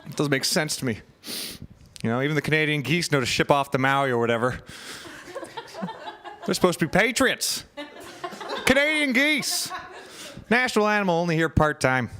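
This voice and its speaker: A man's voice: a little high, expressive, normal speed, pauses often, sharp tone. A man doing a stand-up set on a club stage, telling wry stories in a dry manner. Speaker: stand-up comedian.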